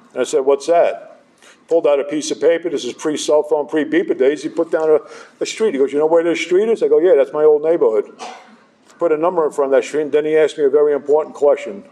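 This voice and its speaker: A man with a fairly high but dark-toned voice tells his recovery story to a live audience in a hall. He keeps it conversational, joking and poking fun at himself as he goes.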